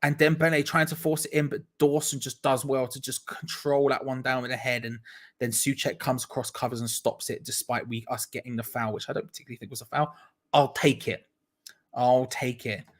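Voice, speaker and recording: A young man giving excitable live fan commentary on a football match, laughing often as he reads out viewers' messages. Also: medium pitch, brisk. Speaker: watch-along host.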